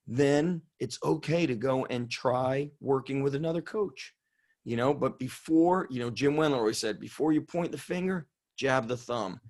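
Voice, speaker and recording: A man's voice: mid-range voice, a little mellow. A middle-aged man, a strength coach, talking bluntly and swearing freely in a casual interview.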